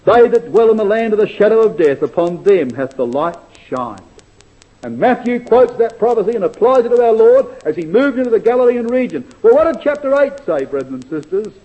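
A man preaching a sermon in a high, mellow voice. He speaks earnestly and with emphasis, slowing right down to stress each quoted verse. His loudness swings widely, sinking at times to a near hush. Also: big pitch swings, muffled recording.

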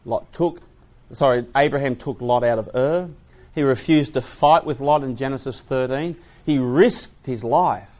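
A man giving an animated, story-driven Bible talk to young people, often breaking into loud exclamations. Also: medium pitch, unhurried. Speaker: Bible class speaker.

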